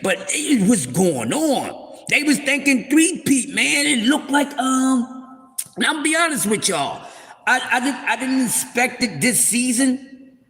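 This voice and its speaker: A man hosting a casual sports talk livestream, rambling loudly with playful trash talk and shout-outs to his viewers. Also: very high voice, very animated, a little slow, big-room sound. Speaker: livestream host.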